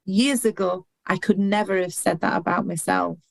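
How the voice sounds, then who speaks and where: A woman's voice: lowish voice, steady tone, moderate pace, gravelly, no room sound. A middle-aged woman speaking as a podcast guest, earnest and heartfelt, often restarting words as she talks. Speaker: guest, intuitive healer and hypnotherapist. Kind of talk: candid podcast conversation.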